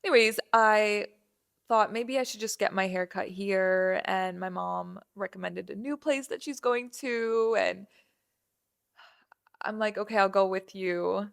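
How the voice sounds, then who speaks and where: A young woman on her podcast animatedly tells an informal story, imitating the people in it and frequently using fillers and restarting her sentences. Her mid-range voice is gravelly and her pace is measured.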